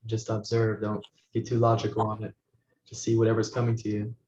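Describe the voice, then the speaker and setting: A man teaching as a spiritual guide, talking listeners through a meditation in soft, slow, repeated phrases that often sink to a hush. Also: on the low side, completely flat delivery. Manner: soft-spoken, slow, repetitive guidance, often dropping to a hush. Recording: roomy, dull recording with faint noise.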